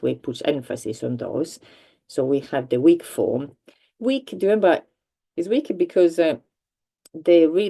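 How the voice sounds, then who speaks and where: A woman's voice: a bass voice, vocal fry, mellow. A woman teaching a language grammar lesson, explaining patiently with many ums and restarts. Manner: patient, repeats points for learners.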